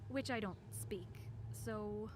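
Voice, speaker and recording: A woman's voice: medium pitch, takes it slowly, a little hiss or hum, natural voice. An actress voicing a polite, plain-spoken young woman detective in a mystery game. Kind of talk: video game voice acting.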